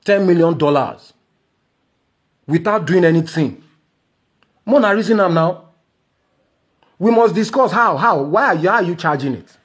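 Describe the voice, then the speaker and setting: A Nigerian man with a somewhat husky, slightly high voice, ranting on his own podcast. He sounds indignant and mixes Pidgin into his English, and his pitch leaps and drops widely as he talks. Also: expressive, moderate pace, long pauses. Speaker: podcast host. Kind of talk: angry solo podcast rant.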